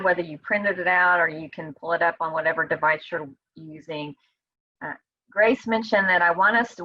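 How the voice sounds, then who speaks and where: A woman's voice: lowish voice, dry recording, dull audio. A woman teaching a casual Bible study over a video call, talking in a conversational way and acting out the psalmist's cries.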